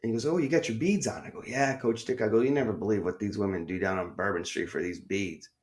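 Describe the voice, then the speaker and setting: A middle-aged man from northern Illinois hosting a podcast, telling a story in a chatty, excitable, rambling way. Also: sits low, fast. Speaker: podcast host. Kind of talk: casual storytelling.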